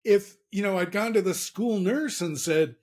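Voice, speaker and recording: A man with a slightly raised pitch speaks as a guest author in a relaxed interview. He talks candidly and earnestly, often restarting his sentences mid-thought. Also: normal speed. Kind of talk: casual interview chat.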